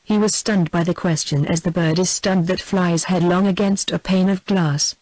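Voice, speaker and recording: An audiobook narrator reading a historical novel in a steady, measured way. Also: mid-range voice, no room sound, low-quality recording.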